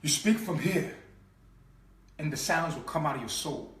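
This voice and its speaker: A man's voice: on the high side, expressive, normal speed. A man giving an impassioned spiritual teaching in slangy street talk, emphatic, repeating and stretching sounds to make his point. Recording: echoey room, mic at a distance.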